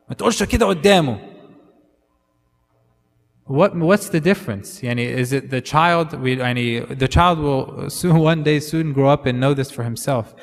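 A man preaching a sermon in a conversational way, often slipping in Arabic fillers. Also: medium pitch. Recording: long hall reverb.

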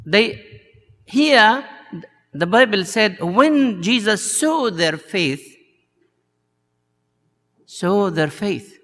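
A priest preaching a sermon at an unhurried, halting pace, full of small hesitations. His voice is gravelly and a little high, and a long hall reverb rings behind every phrase. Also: lively intonation, bright, forceful tone. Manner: slow and halting, many uh fillers, acts out the story's voices.

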